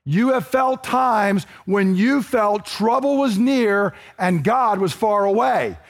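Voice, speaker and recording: A man preaching a sermon in a conversational, emphatic way, often checking in with his listeners. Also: sits high. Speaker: pastor.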